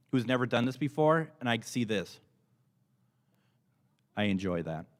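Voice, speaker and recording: Chatty man giving a paranormal panel talk. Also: medium pitch. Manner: chatty and enthusiastic, restarts sentences often. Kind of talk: casual presentation to a live audience. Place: convention panel room. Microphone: microphone in front of him. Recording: noisy room recording with clicks.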